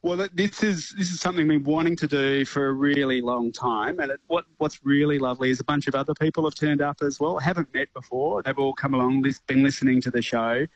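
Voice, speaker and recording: A man calls in from outdoors by a river, excited and stopping to restart his sentences. The line sounds dull and lo-fi. His voice sits at a middle pitch. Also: fast talker, hardly any pauses, dry recording. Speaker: caller. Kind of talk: phone-in report.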